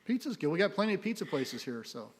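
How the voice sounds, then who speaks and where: A man's voice: high voice, very animated, fast talker, slight background noise. A man chairing a city council meeting as mayor, friendly and joking with staff and residents. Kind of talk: chairing a public meeting, casual asides. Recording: long reverb of a council chamber.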